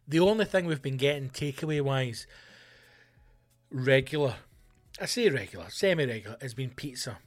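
A man with a Scottish accent hosting a comedy podcast, ranting loudly and swearing a lot. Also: medium pitch, brisk, few pauses, faint music behind. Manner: loud, sweary, animated ranting.

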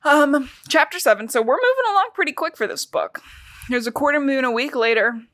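A woman's voice: high voice, animated, a little fast, a bit bright, no echo, studio quality. A woman co-hosting a podcast, recapping a book in chatty, irreverent casual talk full of "like" and casual swearing. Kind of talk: casual chat.

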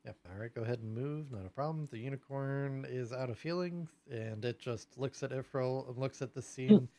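A man narrating as game master of a tabletop game, casual and halting, full of fillers. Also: medium pitch, warm tone.

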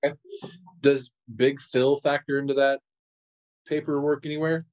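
A man playing his character in a tabletop role-playing game, animated and jumping into high character voices. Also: moderate pace, low-quality recording. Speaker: player.

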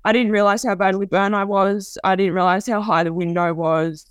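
A woman tells her own story in halting, raw bursts, restarting and circling back over her words. Her voice sits at a middle pitch, and the recording is dry and close with no room sound. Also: fairly even intonation, clear, resonant tone, dry recording. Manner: halting, raw, repeats herself. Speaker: interviewee telling her story. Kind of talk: personal testimony.

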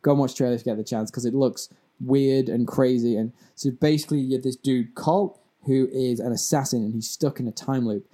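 A man's voice: medium pitch, steady tone, a little fast, mellow. A man co-hosting a gaming podcast, chatting casually, swearing and restarting his sentences. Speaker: podcast co-host.

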